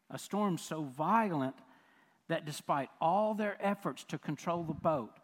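Male pastor, chatty sermon delivery, lightly raised pitch, echoing church hall. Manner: conversational preaching, asks the audience questions, repeats phrases. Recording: long hall reverb.

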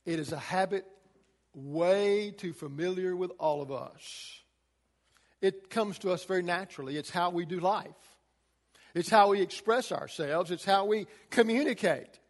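A man's voice: sits high, a little slow, big-room sound. A man preaching a sermon to a congregation, emphatic, his delivery rising and falling. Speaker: pastor.

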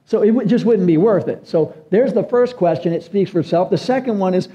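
A man's voice: high voice, brisk, mellow. A man preaching a sermon as pastor, earnest and emphatic, his voice climbing on key phrases.

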